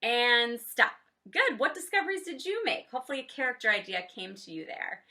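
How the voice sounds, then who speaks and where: A woman teaching a children's drama lesson online, cueing exercises with "ready, set, go" and demonstrating high, low and silly voices. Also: very animated, fairly quick, pushed and bright.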